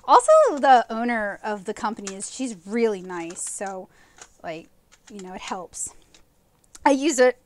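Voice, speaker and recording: A woman's voice: mid-range voice, measured pace, a little hiss or hum. A woman comic artist chatting enthusiastically through a live watercolor painting tutorial, rambling with fillers as she loses her voice. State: losing her voice.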